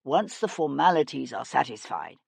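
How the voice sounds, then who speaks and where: A woman voicing a small, calm older magistrate who speaks slowly in a measured, plodding way. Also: rumbling low, vocal fry, breathy edge, dry recording, pitched below the performer's own voice, heavily acted. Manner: slow, measured, even calm.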